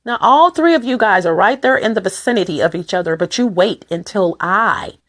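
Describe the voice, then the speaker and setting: In a loose, meandering vlog, a woman addresses her viewers with emphasis, repeating words in fast spurts. Her intonation is lively and her tone fairly bright, even as her voice goes lower and rough.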